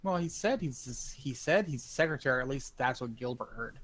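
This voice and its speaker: A man's voice: mid-range voice, lively intonation, fairly quick, fairly bright tone. Male player, wry and casual. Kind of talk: casual tabletop play.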